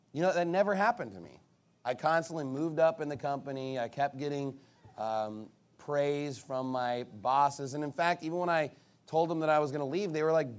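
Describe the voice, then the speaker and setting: A man preaching a casual, conversational sermon, telling stories and mimicking other people's reactions. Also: fairly high pitch. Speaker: pastor.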